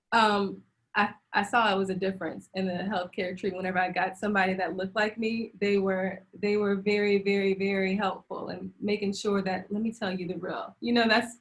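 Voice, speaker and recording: A woman speaking candidly and emotionally as a panel guest, telling a personal story with frequent laughs and restarts over a video call. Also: medium pitch. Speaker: panel guest sharing birth experience.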